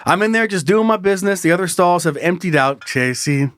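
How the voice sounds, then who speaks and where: A man's voice: sits high, animated, a little fast, a bit bright, no echo, studio quality. A man co-hosting a casual comedy podcast, reading a listener's story aloud and acting out the voices, laughing often.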